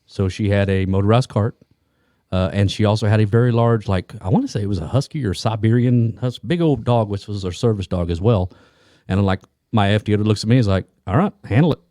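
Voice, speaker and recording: Fast-talking, mellow-voiced man telling a story. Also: lowish voice, no echo, studio quality. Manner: rambling anecdotal storyteller with many restarts. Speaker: police detective and co-host. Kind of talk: casual podcast storytelling.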